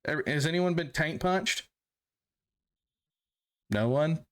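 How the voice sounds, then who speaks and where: A young adult man, an army veteran guest on a podcast, telling stories casually, with plenty of swearing and loud, high-pitched acted-out quotes. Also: takes it slowly. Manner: animated, profane, acts out quotes in loud high voices. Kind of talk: casual storytelling.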